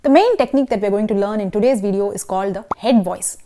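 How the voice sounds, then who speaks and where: A woman's voice: mid-range voice, fast, warm tone, soft background music. A woman with an Indian English accent teaching a singing lesson, explaining technique and checking in with the listener. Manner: instructive, checks in with listeners often. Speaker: vocal teacher.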